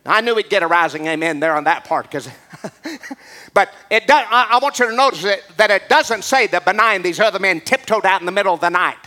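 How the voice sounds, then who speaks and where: A man preaching a sermon as pastor, impassioned and building up to shouts. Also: high-pitched, a little fast.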